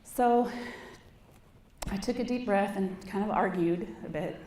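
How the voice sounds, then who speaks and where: A woman's voice: medium pitch, unhurried, long pauses, warm tone, slight background noise. A woman giving a keynote speech, telling a personal story with earnest, rising passion. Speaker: keynote speaker. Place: large conference hall. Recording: echoey hall, distant mic, faint ambience.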